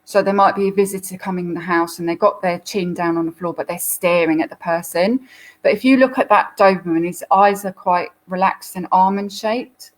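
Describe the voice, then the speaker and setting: A woman's voice: lowish voice, steady tone, brisk, poor audio. A woman hosting a live Q&A, talking through viewer photos in a chatty, explanatory way with frequent fillers. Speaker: dog behaviourist host.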